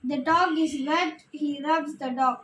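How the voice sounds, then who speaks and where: A woman teaching phonics and reading a children's book aloud, slowly and carefully, word by word. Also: sits high, fairly even intonation, fairly bright tone, a little hiss or hum. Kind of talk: slow phonics lesson and read-aloud. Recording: echoey room.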